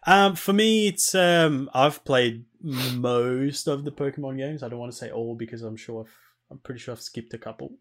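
A man in casual gaming chat, relaxed and rambling, laughing easily. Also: mid-range voice, moderate pace.

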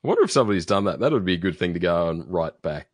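A man's voice: low-pitched, very animated, racing, dry recording, clean studio sound. A man co-hosting a podcast, chatting casually and reading out a listener's email, with many ums and restarts. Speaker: podcast co-host.

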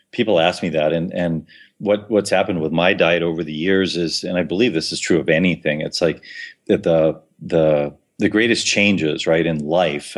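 Man, very low voice, casual podcast chat, frequent restarts and fillers. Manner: repeats words, many restarts and fillers. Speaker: guest.

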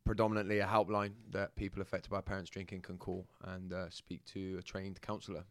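Mellow-voiced Bristol man telling his story. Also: low-pitched, monotone, no echo. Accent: Bristol English. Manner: thoughtful, halting with fillers. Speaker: podcast guest. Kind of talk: reflective storytelling.

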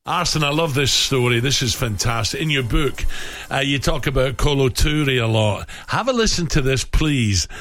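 Male sports radio host, bright punchy voice, eager. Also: mid-range voice, animated. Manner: enthusiastic, quick backchannels. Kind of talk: casual radio chat.

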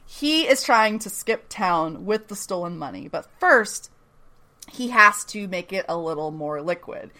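A woman's voice: mid-range voice, fairly bright tone. A young adult woman co-hosting a podcast, recapping an episode in casual chat, laughing often, swearing and making playful asides. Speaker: podcast co-host.

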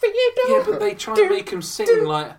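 A man's voice: very high voice, huge pitch swings, measured pace. A man, chatting as a podcast guest in a blunt, slangy, sweary way. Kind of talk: casual podcast chat. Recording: distant mic with clear noise.

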